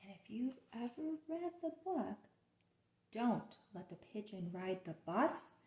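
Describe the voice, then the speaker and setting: Slow, sing-song woman reading to children. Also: mid-range voice, sing-song. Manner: gentle, slow, sing-song, asks listeners questions. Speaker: library storytime reader. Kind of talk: reading a picture book aloud to children. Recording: roomy echo.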